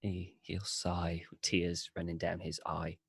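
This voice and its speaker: Low husky guy playing a tabletop game, hesitant, kinda rambly, dry sound. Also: monotone, a little slow, no echo. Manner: hesitant, describes actions loosely. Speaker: player. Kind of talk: tabletop role-play, casual.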